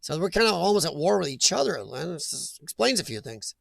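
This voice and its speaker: A man's voice: on the high side, big pitch swings, brisk, gravelly, a bit bright, no echo. A man hosting a casual live chat, reading viewer names aloud and laughing often. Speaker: livestream host reading chat.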